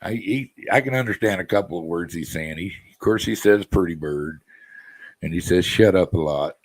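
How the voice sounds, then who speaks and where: A man's voice: low voice, normal speed, breathy edge, poor audio. A man chatting casually with viewers on a live stream, easygoing and rambling. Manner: easygoing, rambling, laid-back.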